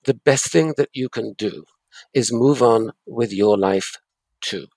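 A man's voice: medium pitch, slow pace, darkish tone, breathy edge, no room sound. A man giving breakup advice in an interview, earnest and emphatic, often repeating his key points. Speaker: guest expert on breakups.

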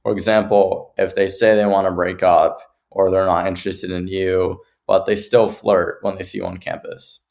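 A young man with a very low, gravelly voice puts questions to a guest. He lays out each scenario carefully before he asks. His tone stays thoughtful and conversational. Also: flat delivery, normal speed, hardly any pauses, darkish tone. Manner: thoughtful, sets up questions at length. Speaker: interviewer.

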